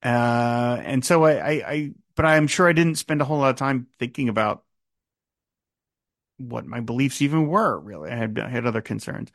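A man in his fifties talks over a song on his podcast with a gravelly, creaky voice. He muses aloud, restarting sentences and filling pauses with "uh". The sound is dry and close, with no room echo. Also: medium pitch. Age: 50s. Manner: musing, with many fillers and restarts. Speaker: podcast host. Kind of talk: casual podcast talk about a song.

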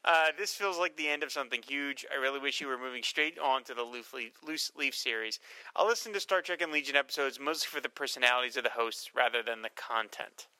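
A man co-hosting a podcast, reading listener mail with a dry, low-key humor. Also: fast, sharp tone, clear, resonant tone, no echo, rough recording. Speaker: podcast co-host. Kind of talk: casual podcast chat.

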